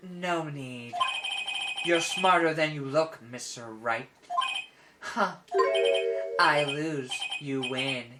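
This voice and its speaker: A woman's voice: low voice, drawn-out words, long pauses. A woman reading as a cool, unbothered female witness. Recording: game music playing behind.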